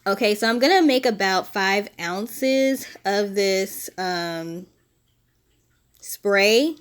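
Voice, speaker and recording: A woman at an everyday middle pitch walks through a homemade spiritual recipe, recorded on her phone. She sounds a bit winded yet stays relaxed and chatty, laughing softly now and then as she explains each step. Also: slow pace, smooth. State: short of breath. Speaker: spiritual DIY vlogger. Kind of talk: casual how-to voice-over.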